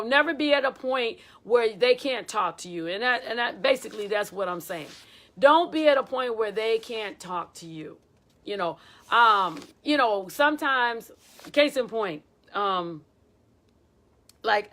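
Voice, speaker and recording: A woman choir director giving a casual, animated teaching talk and acting out quotes as she tells stories. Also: fairly high pitch. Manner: animated storytelling with acted quotes.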